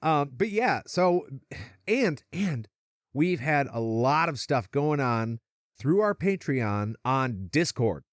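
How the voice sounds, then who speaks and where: A man co-hosting a podcast, chatting casually, animated, and laughing often. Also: a little high, takes it slowly, no room sound, studio quality. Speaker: podcast co-host. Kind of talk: casual chat.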